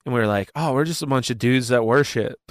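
A man talking casually in an interview, animated and full of fillers as he tells his story. His voice is smooth and resonant, at a middle pitch, and the recording is dry and close. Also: no echo. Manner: animated storyteller with many fillers and quick asides. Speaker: worship pastor, guest.

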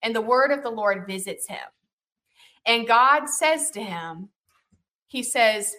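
A woman with a slightly high voice teaches from the Bible slowly, leaving long pauses. Her retelling is chatty and animated, with lively emphasis, lots of "you know" and "like," and check-ins like "right?" and "okay?".

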